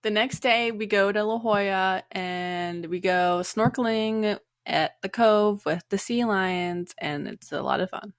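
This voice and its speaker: Casting: female podcast co-host, easygoing and giggly, mid pitch, dry close mic. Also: measured pace, hardly any pauses, no room sound. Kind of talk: casual chat.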